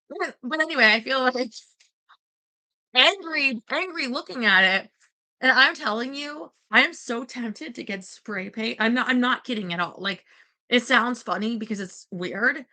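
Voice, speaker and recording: A woman's voice: on the high side, normal speed, sharp tone. A woman venting in a casual vlog, indignant and profane, rambling with restarts. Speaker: vlogger.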